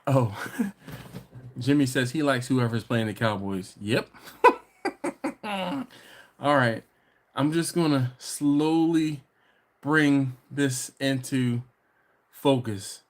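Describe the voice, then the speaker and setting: Animated, laughing man hosting a live stream. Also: medium pitch, takes it slowly, long pauses. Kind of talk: casual live-stream chat. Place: home living room.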